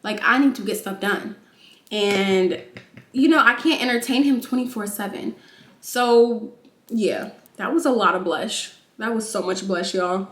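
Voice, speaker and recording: Young woman, slightly high voice, casual makeup chat, talkative and informal, echoey room at home. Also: pushed and bright. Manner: chatty, informal, says "like" and "y'all" constantly. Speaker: vlogger, new mother.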